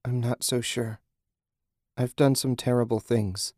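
A man's voice: mid-range voice, steady tone, unhurried, darkish tone, dry recording, clean studio sound, pitched above the performer's own voice, lightly acted. A man voicing a weary, sarcastic young woman who has survived a nightmare, speaking bitterly in an audiobook. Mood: weary, despairing. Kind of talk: audiobook character voice.

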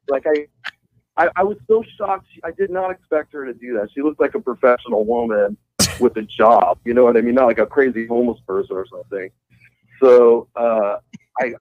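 A man, a guitarist calling in as a guest, telling a story in a rambling casual way, swearing freely and laughing along. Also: medium pitch. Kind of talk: casual storytelling over the phone. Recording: muffled call-in phone line.

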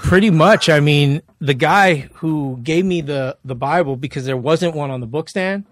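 A man's voice: fairly high pitch, normal speed, no room sound. A man as a podcast guest, telling stories in a casual, laid-back way on a studio mic. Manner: animated, acts out quoted dialogue; laid-back slang-heavy talk. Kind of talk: casual interview storytelling.

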